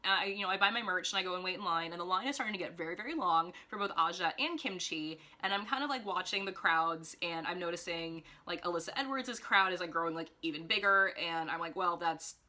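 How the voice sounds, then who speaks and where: Woman vlogger, casual storytime, bright tone, chatty and rambling. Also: fairly low pitch, fast talker, few pauses. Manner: rambling, heavy use of "like", animated quoted voices. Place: indoors at home, ring light.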